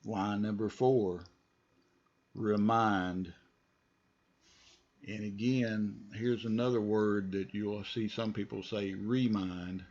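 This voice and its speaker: A man teaching English pronunciation, modeling words slowly and deliberately for the listener to repeat, with relaxed asides in between. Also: lowish voice, husky, highs cut off. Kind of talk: pronunciation lesson with repeat-after-me drills.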